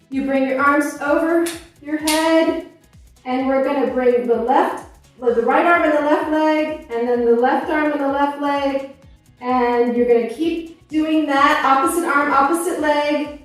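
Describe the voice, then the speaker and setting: High-voiced woman in her fifties, out-of-breath workout coach, echoey room, distant mic, music playing behind. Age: 50s. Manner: encouraging, coaching through exercises while moving. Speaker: fitness instructor. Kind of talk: workout instruction. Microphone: clip-on mic.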